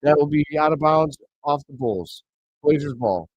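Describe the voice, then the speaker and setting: Excitable man calling plays on stream. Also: on the high side, moderate pace, no room sound. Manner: bursts into excited shouts on big plays. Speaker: host of a live reaction stream. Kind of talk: play-by-play commentary. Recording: dry, slightly dull home mic.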